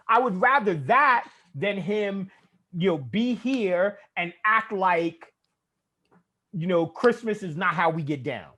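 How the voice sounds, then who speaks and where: A man's voice: sits high, expressive, takes it slowly, a bit bright. A man from Canada co-hosting a podcast in casual, profane chat, often repeating his words as he starts a thought. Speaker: podcast co-host.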